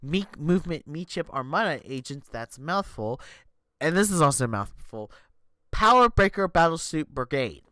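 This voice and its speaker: A man streaming live, reading an interactive story aloud in an animated way and tripping over words. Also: a little high, moderate pace, no room sound.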